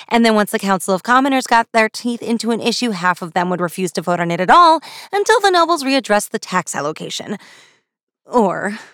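A woman narrating a first-person fantasy story in a wry, brisk way. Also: medium pitch, no room sound, studio quality. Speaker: audiobook narrator.

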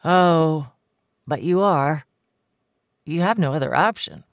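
A reader voicing a determined man who speaks calmly and firmly, refusing to back down. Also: slow pace, no room sound, clean studio sound. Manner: calm, firm, low-key. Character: determined man, calm, insistent, devoted. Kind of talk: audiobook character voice.

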